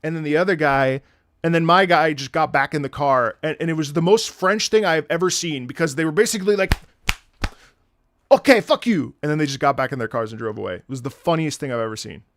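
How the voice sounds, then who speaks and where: A man hosting a live stream, chatting casually and telling stories with lively impressions of people he met. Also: fast. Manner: animated storyteller, mimics French voices with high loud bursts. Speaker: streamer host.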